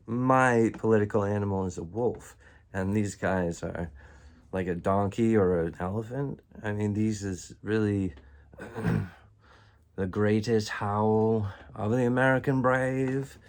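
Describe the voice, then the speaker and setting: A man's voice: on the low side, fairly even intonation, slow pace. A man talking alone to his viewers in a loose, disjointed monologue, full of fillers and bursts of laughter. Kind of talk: rambling solo monologue to viewers.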